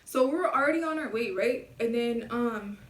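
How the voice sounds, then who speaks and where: Young woman, high-pitched, lively storyteller who swears a lot, recorded in an echoey room with the mic set back. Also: moderate pace, far from the mic. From Los Angeles area. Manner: animated, swears a lot, acts out the men's voices. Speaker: vlogger telling a story. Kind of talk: casual storytime.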